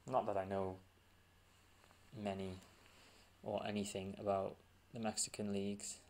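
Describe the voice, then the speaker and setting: Gravelly low-voiced man musing over gameplay. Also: completely flat delivery, unhurried, darkish tone, a little hiss or hum. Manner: thinking aloud, muttering over screen results. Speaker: gaming channel host. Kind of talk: casual gameplay commentary.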